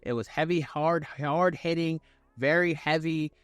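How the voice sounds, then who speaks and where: A man's voice: on the high side, steady tone, measured pace, clear, resonant tone, dry recording, soft background music. A young man giving a casual, profane, slang-filled review of a wrestling event as the channel's host.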